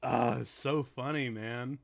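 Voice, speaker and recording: A man co-hosting a casual movie commentary podcast, excitable and laughing often. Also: mid-range voice, slow pace, creaky. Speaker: podcast co-host.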